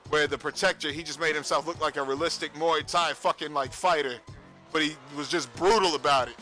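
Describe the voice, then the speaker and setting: A man talks casually to his stream audience, his voice bright and forceful and a touch higher than most men's. He tells a profane, animated story and laughs often. Faint music plays behind him. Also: brisk. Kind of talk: casual livestream chat. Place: home streaming setup.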